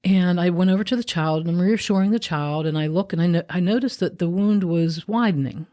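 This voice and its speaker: A woman hosting a podcast, talking through a reflective spiritual monologue in a gentle, musing, conversational way. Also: lowish voice, a little fast. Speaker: podcast host.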